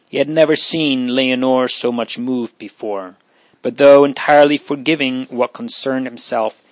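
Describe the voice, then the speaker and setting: A man narrating an audiobook of a period novel in a measured, steady way. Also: medium pitch, dry recording.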